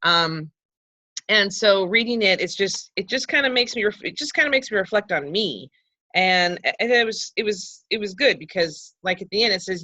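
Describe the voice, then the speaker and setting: A woman hosting a group video call, talking casually and haltingly with frequent restarts. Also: medium pitch, expressive, pushed and bright. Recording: dull lo-fi call audio.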